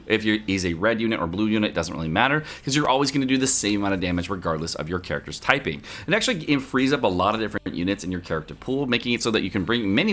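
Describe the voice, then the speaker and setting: A man's voice: fairly low pitch, a bit bright. A young man giving a casual game guide, laid-back and loose, with lots of ums and uhs and the odd swear. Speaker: gaming YouTuber.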